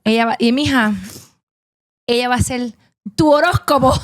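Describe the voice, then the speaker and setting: A woman's voice: high-pitched, normal speed, dry recording, studio quality. A woman co-hosting a podcast, teasing and playful, switching languages mid-sentence. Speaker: podcast co-host. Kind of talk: casual chat.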